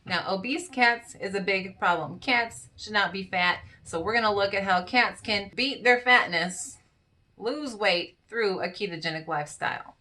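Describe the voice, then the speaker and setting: A woman vlogger with a bright voice, chatting casually over pictures. She sounds tired but stays playful, teasing and talking straight to the cats as if they could hear her. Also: mid-range voice, normal speed.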